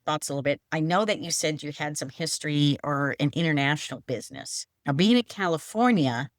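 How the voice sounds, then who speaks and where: Chatty low-voiced woman host. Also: fairly quick, dry recording, clean studio sound. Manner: chatty, friendly questioning. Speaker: podcast host. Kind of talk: casual podcast interview. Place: Florida Gulf coast.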